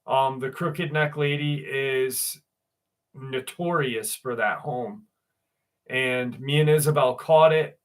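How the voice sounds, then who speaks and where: A man's voice: mid-range voice, slow pace. A man chatting casually on a livestream panel, rambling through a story with fillers and swearing. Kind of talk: casual chat.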